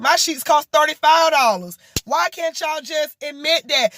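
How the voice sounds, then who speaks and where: A woman vlogger recapping a reality show in blunt, profane, animated gossip commentary. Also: high voice, no room sound, clean studio sound. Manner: animated, mocking and exasperated.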